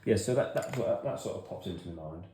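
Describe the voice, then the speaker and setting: Deep-voiced wry English man. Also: animated, quick pace, mellow, reverberant, a little hiss or hum. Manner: self-deprecating, wry, chatty. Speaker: hobby vlogger. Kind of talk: rambling casual storytelling. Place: home hobby room.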